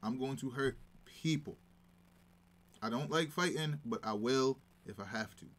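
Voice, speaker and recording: A man chatting casually as a guest, telling stories in an animated, emphatic way. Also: mid-range voice, measured pace. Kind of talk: casual chat.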